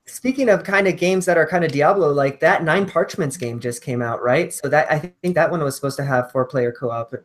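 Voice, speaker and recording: A man's voice: fairly high pitch, fairly quick, few pauses. A man hosting a casual gaming podcast, easygoing and steering the topics. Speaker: podcast host.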